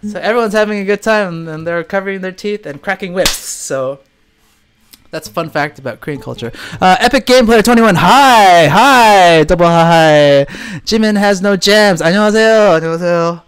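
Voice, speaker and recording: A man's voice: sits high, moderate pace, clean tone, soft background music. A man hosting a casual livestream, reading comments and joking, laughing often as he talks. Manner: animated, laughs often, jokey. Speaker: livestream host and swim teacher.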